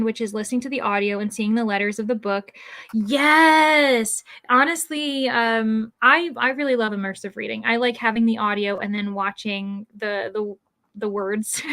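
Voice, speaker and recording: Bubbly woman host chatting on a live stream, kinda high voice, dry close sound, lots of ums and restarts. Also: a bit bright, no room sound. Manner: bubbly and chatty, quick exclamations; frequent fillers and self-restarts. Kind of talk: casual chat, reading out viewer comments.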